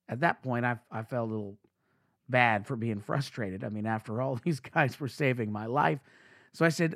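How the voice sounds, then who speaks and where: A man's voice: medium pitch, moderate pace, a bit bright, no echo, clean studio sound. A young man hosting a podcast, telling a self-mocking everyday story in a chatty, storytelling way. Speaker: podcast host.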